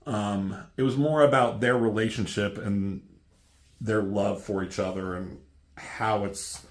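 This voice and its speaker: A man's voice: lowish voice, fairly even intonation, unhurried. A man casually reviewing a comic book, reading bits aloud and wandering off into wry, rambling asides.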